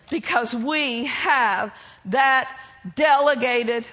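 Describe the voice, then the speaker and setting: A woman preacher delivering a sermon, bold and emphatic, breaking into shouted declarations. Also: high-pitched, lively intonation, unhurried.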